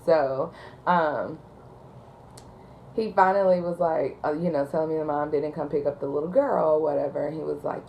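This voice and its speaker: Low-pitched female dispatcher, chatty storyteller, loose and conversational, lots of filler words. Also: normal speed, vocal fry, lo-fi sound, a little hiss or hum. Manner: chatty, frequent ums and likes, laughs at her story. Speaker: 911 call taker and dispatcher. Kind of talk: casual storytime vlog.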